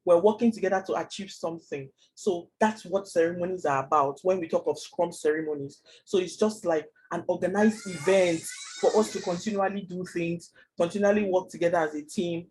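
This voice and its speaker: A man teaching a Scrum class online, explaining fast and chatty with many fillers. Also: high voice, darkish tone, slightly rough, rough recording. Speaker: Scrum trainer.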